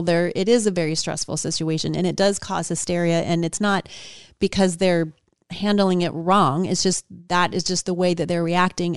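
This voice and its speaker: A woman co-hosting a talk show, chatting in a calm, reflective way with many fillers. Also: on the low side, clear, resonant tone, dry recording, clean studio sound. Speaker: co-host. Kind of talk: casual reflective chat.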